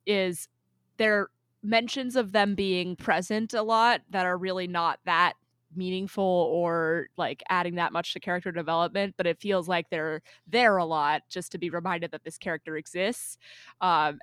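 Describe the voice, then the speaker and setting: A woman's voice: lowish voice, a bit bright, dry recording. A woman co-hosting a podcast in casual chat, talking loosely and laughing often. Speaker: podcast co-host.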